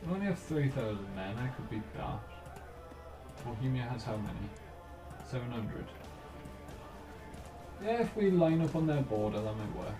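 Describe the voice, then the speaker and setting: A man hosting a let's play, commenting casually on his strategy game and thinking aloud in a relaxed, musing way. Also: medium pitch, normal speed, long pauses, reverberant, music in the background.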